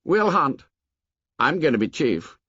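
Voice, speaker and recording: A man's voice: on the high side, sing-song, a little slow, a bit bright, breathy edge, no echo, voice pushed up, heavily acted. A bossy, domineering boy leader, as a male narrator puts him on hands down orders with confident force. The voice is raised well above a man's own, on dull, dry audio. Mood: commanding. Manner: commanding, self-assured.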